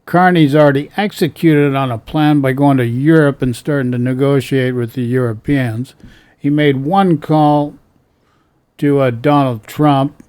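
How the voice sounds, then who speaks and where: A man's voice: mid-range voice, darkish tone. A man ranting bluntly about politics in an exasperated tone. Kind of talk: casual political rant.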